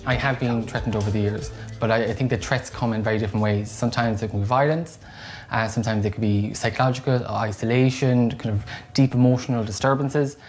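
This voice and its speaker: A man's voice: mid-range voice, fairly even intonation, fast, a little mellow, soft background music. An Irish man and community board member, speaking earnestly and reflectively in a documentary interview.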